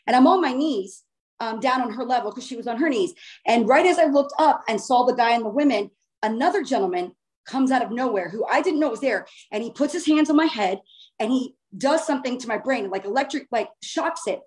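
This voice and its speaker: A young woman tells a story in a relaxed, unscripted way, her voice sitting a little high. She talks animatedly and informally, tossing in casual swearing as she goes. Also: fairly quick.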